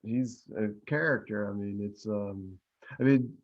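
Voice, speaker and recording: A man who wrote a history book, retelling events in a halting casual chat with many repeated words. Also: lowish voice, lo-fi sound. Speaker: author guest.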